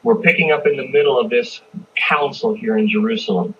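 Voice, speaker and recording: Male Bible teacher, fairly high voice, chatty and questioning, recorded from a distance on dull lo-fi audio. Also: big pitch swings, brisk, fairly bright tone, a little hiss or hum. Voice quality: conversational, repeats and restarts, asks the listeners questions. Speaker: pastor teaching a Bible study.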